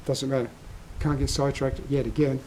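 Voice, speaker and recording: A man's voice: mid-range voice, fairly even intonation, a little fast, warm tone, a little hiss or hum, rough recording. An older Australian man telling a long story in a casual vlog, drifting off on tangents. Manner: rambling, self-interrupting storyteller. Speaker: vlogger.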